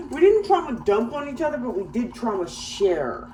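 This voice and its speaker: A woman's voice: fairly high pitch, huge pitch swings, measured pace, warm tone, slight background noise, rough recording. A woman talking to herself at home in a casual vlog, rambling and groggy. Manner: rambling, groggy self-talk. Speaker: vlogger.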